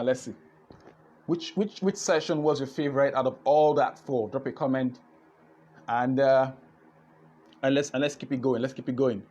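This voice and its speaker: A man with a Nigerian accent hosts a live online business session, talking in an animated way and repeating his words. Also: mid-range voice, husky, highs cut off. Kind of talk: lively live-stream talk.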